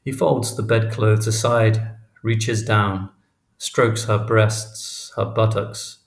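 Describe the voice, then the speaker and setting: A man narrating a literary audiobook in a measured, even reading. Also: lowish voice, vocal fry. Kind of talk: scripted narration. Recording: roomy echo.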